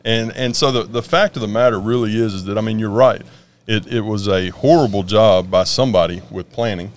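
A man, a former college football player, talking casually as a guest, halting with frequent restarts. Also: fairly low pitch, a little hiss or hum. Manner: halting, laughing, many restarts. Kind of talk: casual sports talk.

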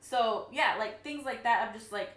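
A woman with a fairly high voice chats on a podcast, animated and swearing freely as she gets emotional over her travel stories. The sound has a roomy echo around it. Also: normal speed, a little hiss or hum. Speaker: podcast co-host. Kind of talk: casual chat.

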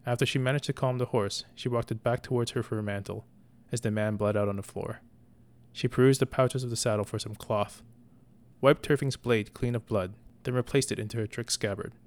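A man narrating a story in a slow, deliberate scripted reading as the show's storyteller. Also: mid-range voice, fairly even intonation, darkish tone. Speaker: podcast storyteller.

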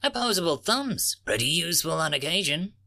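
A man's voice: on the high side, sing-song, brisk, creaky, bright, forceful tone, voice pushed up, full character voice. A man voicing a starving young caveman, nervous and earnest. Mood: timid. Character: young starving caveman boy, timid and clever. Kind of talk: storybook narration.

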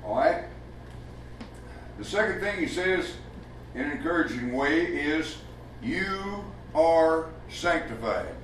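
A man's voice: fairly high pitch, lively intonation, measured pace, pauses often, a bit bright, slight background noise. A man preaching a sermon in a folksy, emphatic way, asking rhetorical questions in a church. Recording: echoey room with the mic far off.

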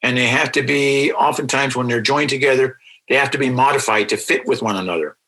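A man who teaches a language, answering interview questions in a patient, explanatory way and repeating example words slowly. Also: mid-range voice, sharp tone, low-quality recording.

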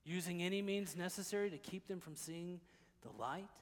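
A man preaching a sermon as pastor, dropping to hushed, quiet passages and then rising to loud, emphatic declarations. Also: high voice, normal speed, big-room sound.

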